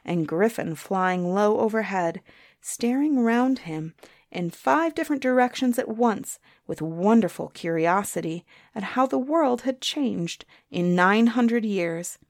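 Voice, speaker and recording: A woman telling a folktale aloud in a lilting, expressive way, letting line endings trail off softly. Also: mid-range voice, measured pace, no echo, clean studio sound. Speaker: storyteller. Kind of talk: folktale storytelling.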